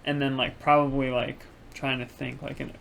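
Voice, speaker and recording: A man's voice: medium pitch, level tone, normal speed, vocal fry, a bit bright, a little hiss or hum. A young man co-hosting a podcast in a laid-back casual chat, saying "bro" and "dude" and laughing often. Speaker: podcast co-host.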